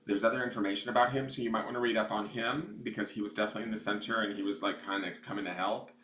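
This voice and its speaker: A man's voice: lowish voice, fairly even intonation, rapid-fire, fairly bright tone. A man giving a casual livestream tarot reading, rambling and chatty with some swearing, recorded on a camera mic. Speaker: tarot reader. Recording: echoey room.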